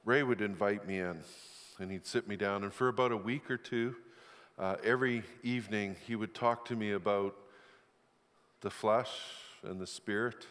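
A man's voice: fairly low pitch, fairly even intonation, normal speed, fairly bright tone, in a large hall. A middle-aged male pastor preaching a sermon, with candid, self-deprecating stories. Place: church sanctuary.

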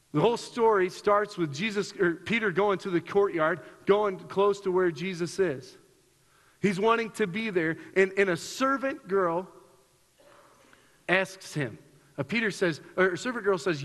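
A man's voice: moderate pace, fairly bright tone. A man preaching a sermon, earnest and repetitive, reading scripture and then reflecting on it. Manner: earnest, repeats himself, rises in pitch for emphasis. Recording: long hall reverb.

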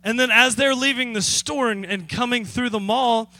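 A man's voice: very high-pitched, normal speed, bright, forceful tone, no echo. A man preaching a sermon as pastor, telling a story with chuckles and asides to the congregation.

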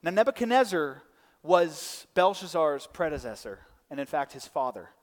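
A man's voice: fairly high pitch, normal speed, long reverb tail. A man in his thirties preaching a sermon, telling stories and acting out voices. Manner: lively storytelling, acting out voices. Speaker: pastor.

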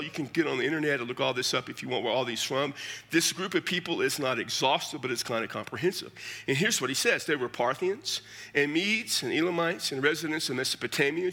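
Man, pastor, Texan twang, fairly high voice, bright and forceful tone, folksy sermon. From South Texas. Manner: conversational, folksy preaching with asides.

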